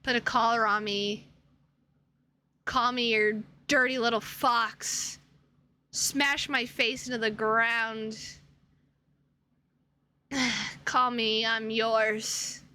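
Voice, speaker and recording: High-pitched woman streamer, slow and dramatic. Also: fairly even intonation, pushed and bright, a little hiss or hum. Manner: dramatic, whiny and exasperated, swears a lot. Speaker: gaming streamer. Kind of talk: live game stream reaction.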